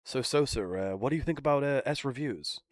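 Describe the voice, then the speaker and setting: A man's voice: medium pitch, animated, fairly quick, no echo. A young man bantering casually with friends as a streamer, teasing, swearing and laughing often.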